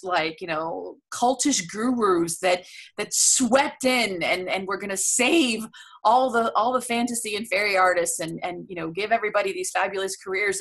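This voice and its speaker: A woman's voice: mid-range voice, fairly bright tone. A woman co-hosting a podcast in casual chat, telling stories candidly and with animation. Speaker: podcast co-host.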